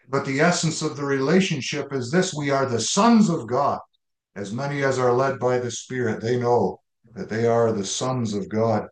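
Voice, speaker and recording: A man preaching a sermon, slow and emphatic, repeating his key phrases for weight. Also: medium pitch. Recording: roomy echo.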